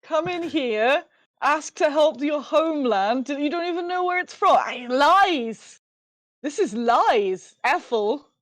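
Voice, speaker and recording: Woman doing a crabby old witch, theatrical and scolding, slow delivery, dry close sound. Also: sits high, expressive, no room sound. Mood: accusing. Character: rude, suspicious old crone witch, female. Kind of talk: tabletop role-play.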